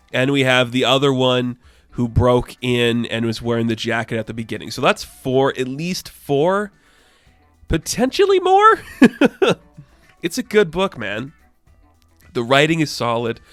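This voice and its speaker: A man's voice: medium pitch, a bit bright, no room sound. A man giving a casual, enthusiastic spoken review of a comic book, full of "like" fillers. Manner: chatty, enthusiastic, frequent "like" fillers.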